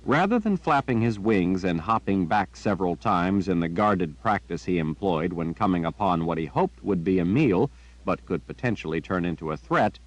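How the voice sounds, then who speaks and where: A man reading a fantasy novel aloud as a narrator, with measured, unhurried storytelling. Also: low voice, no echo, poor audio. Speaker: audiobook narrator. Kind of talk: scripted narration.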